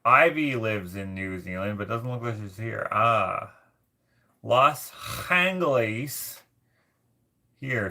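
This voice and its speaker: A man from Canada hosting a casual livestream, reading viewer comments aloud and rambling as he thinks out loud. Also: fairly low pitch, vocal fry. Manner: rambling, thinks out loud while searching things up. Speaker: livestream host.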